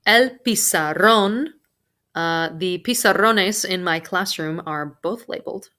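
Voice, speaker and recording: A woman teaching a recorded Spanish vocabulary lesson, pronouncing each word slowly and carefully with casual asides. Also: on the low side, sharp tone.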